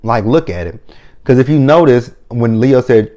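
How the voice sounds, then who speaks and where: A man giving casual, excited fan commentary as a vlogger, rambling and getting himself hyped up. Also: mid-range voice, moderate pace. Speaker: vlogger ranking team-up episodes.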